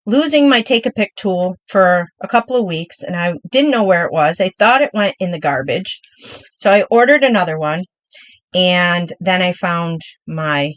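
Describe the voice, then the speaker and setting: A woman's voice: mid-range voice, dry recording, low-quality recording. A middle-aged woman hosting a live crafting demo, chatty and upbeat, talking through each step while she works.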